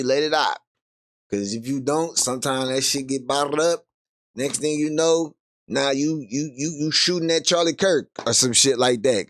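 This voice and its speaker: A man with a Bay Area accent hosting a live podcast, reacting casually and laughing often. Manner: laughs often, loose and animated, rising to high squeals. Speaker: podcast host reacting to a clip. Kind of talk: casual live-stream commentary.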